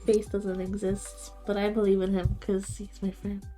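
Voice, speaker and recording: A woman's voice: medium pitch, completely flat delivery, normal speed, music in the background. A woman playing a tabletop game in character, playful and giggly. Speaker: player.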